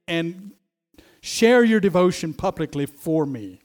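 A man's voice: on the high side, animated, measured pace, darkish tone. A man preaching a sermon, emphatic, often repeating phrases and restarting as he stresses a point.

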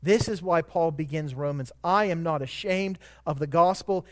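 High-voiced preacher with surging emphasis. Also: male voice, normal speed, hardly any pauses. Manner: dynamic preaching, swelling to loud emphatic peaks. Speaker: pastor. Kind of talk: sermon.

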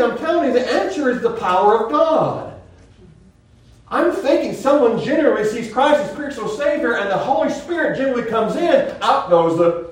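A man's voice: very high-pitched, lively intonation, normal speed. A man preaching a sermon in an earnest, rambling way, often restarting his sentences. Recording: very echoey room, voice from far off mic.

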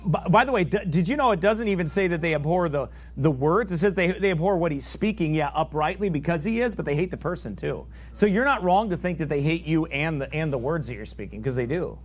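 Fervent high-voiced man preaching. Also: animated, brisk, hardly any pauses. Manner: fervent, rising to loud emphatic peaks and dropping low; reads scripture aloud in old biblical wording. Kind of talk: sermon.

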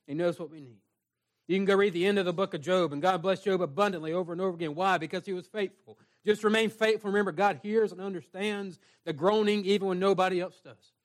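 A man's voice: high-pitched, fast talker. A young man preaching a sermon in an earnest, plain-spoken way, repeating phrases and reading scripture aloud.

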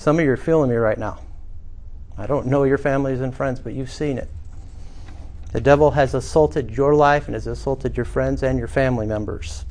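A man's voice: mid-range voice, normal speed, darkish tone. A middle-aged man preaching a sermon, telling a personal story earnestly and rising to emphatic swells. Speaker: pastor.

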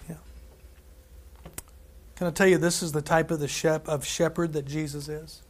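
Man, middle-aged, preacher, high-pitched, emphatic, conversational sermon. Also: level tone. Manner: emphatic, lifts voice and slows on scripture; conversational asides and tag questions.

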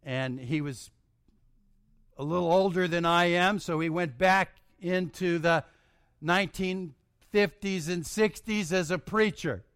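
A man with a fairly high voice preaches by telling a story, dropping low and quiet then rising to shouts. His voice is recorded dry and close, with no room echo. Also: a little slow, smooth. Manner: dramatic, swings from hushed to shouting. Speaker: pastor. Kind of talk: storytelling sermon.

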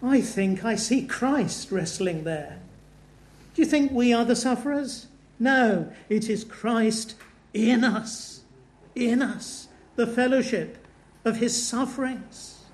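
A man speaking the words of a devout young woman martyr, slow and earnest, with old-fashioned phrasing. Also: very high-pitched. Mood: fervent.

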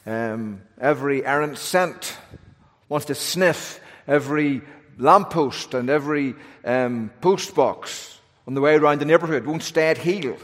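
A man delivers a sermon with earnest emphasis, restarting phrases and adding asides as he goes. His voice has a mid-range pitch. It carries a long reverb, as if spoken in a church sanctuary. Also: normal speed. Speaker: preacher.

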